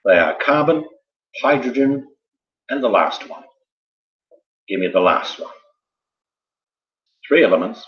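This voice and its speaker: A man's voice: medium pitch, lively intonation, unhurried, long pauses. A man casually hosting a quiz night, full of joking, rambling asides. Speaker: quiz host. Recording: roomy, dull lo-fi sound.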